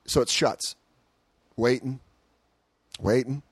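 A man hosting a comedy podcast, telling a story in a casual chat and acting out quotes with big jumps in pitch, swearing freely. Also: steady tone, takes it slowly, breathy edge, dry recording. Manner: swears freely, laughs through stories.

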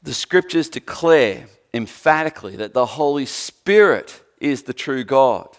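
Guy preaching, punchy and emphatic, bits of dry humour, mid pitch. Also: lively intonation, unhurried. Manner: emphatic, rising to forceful peaks then dropping quiet. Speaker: pastor. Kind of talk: sermon.

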